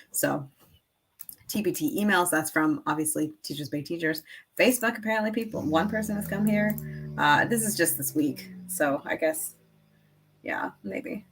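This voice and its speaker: A woman's voice: lowish voice, normal speed, noisy background. A woman who teaches and sells online, giving a casual screen-share tutorial in a rambling way full of fillers, laughing at herself now and then.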